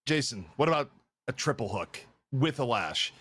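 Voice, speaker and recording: A man's voice: mid-range voice, lively intonation, normal speed, fairly bright tone, slightly rough, dry recording, clean studio sound. A man casting an esports match, giving analytical commentary and thinking aloud with frequent restarts. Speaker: esports caster.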